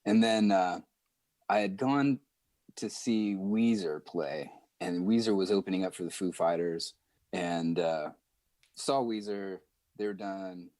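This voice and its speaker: A man guesting on a podcast, telling stories in a chatty, animated way with lots of fillers. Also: low-pitched, measured pace, no room sound. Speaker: guest musician. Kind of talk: casual podcast storytelling.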